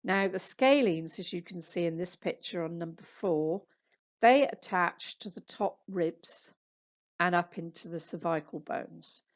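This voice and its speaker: A woman therapist giving a slow, patient anatomy lecture on slides, spelling out muscle names for practice. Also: lowish voice. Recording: dull lo-fi sound.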